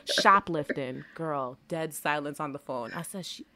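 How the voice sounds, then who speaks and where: A young woman in her twenties telling a story on a podcast, animated and profane, laughing often and acting out quotes. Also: sits low, measured pace. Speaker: podcast co-host. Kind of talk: casual storytelling chat.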